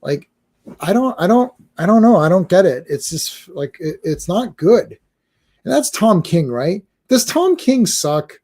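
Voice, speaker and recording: Male podcast host, casual rambling comics talk, stammers and restarts, mellow tone pitched a touch high. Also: very animated, a little slow. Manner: rambling, stammers and repeats words. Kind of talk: casual chat while reading comics live.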